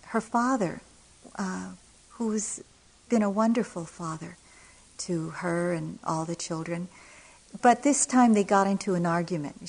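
A middle-aged woman, a meditation teacher, telling a personal story in a dharma talk with gentle pauses and soft laughs. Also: fairly low pitch, rough recording. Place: retreat center hall.

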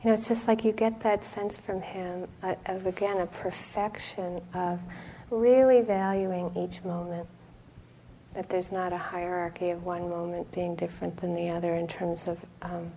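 A middle-aged woman meditation teacher giving a relaxed, conversational dharma talk. She speaks gently, drops into soft whispered asides and laughs often. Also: on the low side, moderate pace, gravelly, slight background noise, rough recording.

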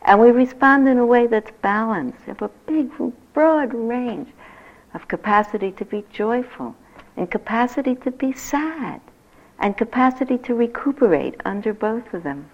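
An older woman, a meditation teacher, giving a gentle, reflective dharma talk that turns lively when she tells stories. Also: on the high side, moderate pace. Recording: dull lo-fi talk recording.

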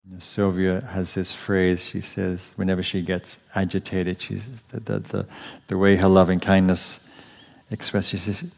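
Low-voiced man giving a gentle dharma talk. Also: monotone, a little slow, vocal fry. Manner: gentle, reflective, with frequent restarts. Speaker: meditation teacher. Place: meditation hall. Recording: dull audio with long hall reverb.

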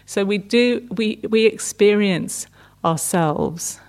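A middle-aged woman giving a gentle, unhurried meditation talk, often restarting her phrases. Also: medium pitch. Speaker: meditation teacher. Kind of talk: dharma talk.

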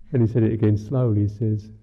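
A Buddhist monk teacher giving a dharma talk in a musing, unhurried, wry way, often saying "you know". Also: male voice, fairly low pitch, a little hiss or hum. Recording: tinny lo-fi talk recording.

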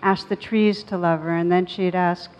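This woman talks slowly and thoughtfully, a teacher reflecting in conversation. Her voice sits on the low side. It rings with a long reverb, as if in a large hall. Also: fairly even intonation, darkish tone. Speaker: meditation teacher. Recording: dull lo-fi sound with long reverb.

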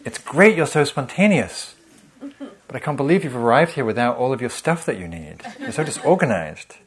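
A man's voice: mid-range voice, very animated, voice pushed up, lightly acted. A man voicing his own inner critic, a nagging figure that scolds and mocks with sarcastic, exasperated outbursts. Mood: mocking. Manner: sarcastic, exasperated, quick and rising.

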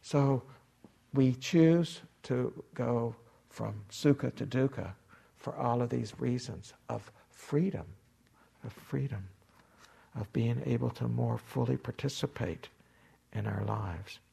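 Gravelly, husky male meditation teacher. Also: mid-range voice. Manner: unhurried, reflective, acts out inner voices with gentle humor. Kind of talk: dharma talk.

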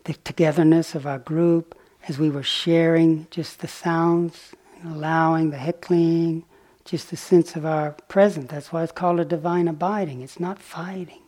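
A man giving a dharma talk as a meditation teacher, telling a story gently and unhurriedly, with pauses and small fillers. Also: a little high, little pitch movement. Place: retreat center meditation hall.

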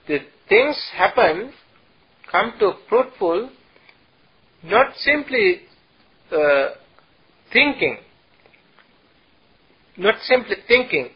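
A male monk gives a dharma talk in a high, breathy voice. He speaks slowly, pausing often and chanting old verses. The recording sounds muffled and lo-fi. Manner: slow, halting delivery with chanted Pali and Sanskrit verses. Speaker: Buddhist monk teacher.

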